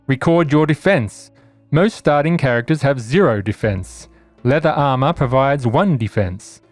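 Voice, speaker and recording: A man running a tabletop game, reading out the rules clearly with dry asides. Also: medium pitch, lively intonation, unhurried, no room sound, soft background music. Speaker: game master. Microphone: podcast microphone.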